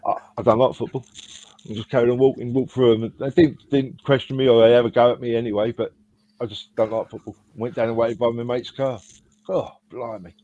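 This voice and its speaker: A man's voice: mid-range voice, level tone, brisk, mellow. A man on a fan podcast panel, telling a rambling story in casual chat with frequent restarts. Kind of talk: casual anecdote. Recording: dull lo-fi sound.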